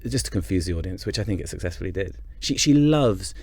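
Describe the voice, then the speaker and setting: A low, animated male voice with vocal fry, a breathy edge and a slightly mellow quality comes at a quick pace, with no room sound. The speaker, an English actor from North Yorkshire, rambles thoughtfully in a casual interview and keeps restarting his sentences.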